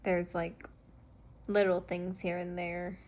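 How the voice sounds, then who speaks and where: A woman's voice: on the low side, little pitch movement, slow, darkish tone. A woman chatting in a casual vlog from a hotel room, rambling with lots of fillers and swearing freely. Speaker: vlogger.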